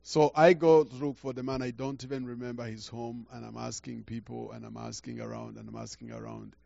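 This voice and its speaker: An older man preaches through a story with a gravelly voice. He halts, repeats words and swings from quiet to loud. The recording sounds dull and lo-fi. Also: medium pitch, expressive, a little fast, no room sound. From Uganda. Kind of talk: storytelling sermon.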